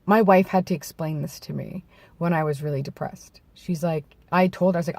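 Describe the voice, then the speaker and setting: A vlogger's fairly high-pitched, steady voice carries a gravelly edge from vocal nodes and slight hoarseness from throat clearing. He gives a candid personal talk to camera outdoors in bright daylight, with no room sound. His manner is reflective and halting, marked by restarts and self-corrections.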